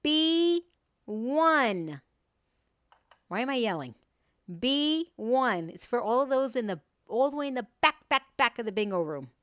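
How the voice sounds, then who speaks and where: A woman's voice: fairly high pitch, expressive, quick pace, hardly any pauses, a bit bright, no echo, dull audio. A woman hosting a livestream and calling bingo numbers in a playful, casual way, drawing each number out.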